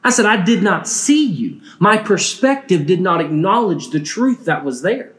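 A man's voice: high-pitched, big pitch swings, a bit bright. A man preaching a sermon, telling a personal story earnestly, often restarting his words. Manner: earnest, halting with frequent restarts.

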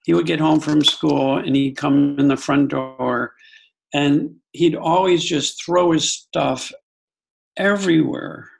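A middle-aged man recounts a personal story to an interviewer, earnest and reflective. His voice is deeply gravelly and husky, and he often stumbles and restarts mid-sentence. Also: slow pace. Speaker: guest. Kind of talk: conversational storytelling.

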